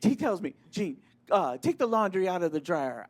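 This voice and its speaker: A man from Michigan works through a stand-up set in a flamboyant, self-mocking way. His voice leaps around with lively pitch, from squeaky punchlines down to mumbled asides. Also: fairly quick, few pauses. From Michigan, USA. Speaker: stand-up comedian.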